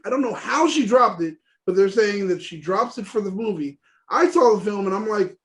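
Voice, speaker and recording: A man's voice: high voice, brisk. A man from Haiti, co-hosting a casual podcast, talking bluntly and animatedly and swearing freely. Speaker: podcast co-host.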